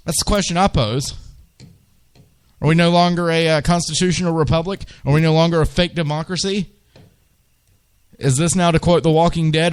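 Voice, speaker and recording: A man's voice: a little high, moderate pace, long pauses, clean tone. A man hosting a political talk radio show, ranting with indignation and firing off rhetorical questions.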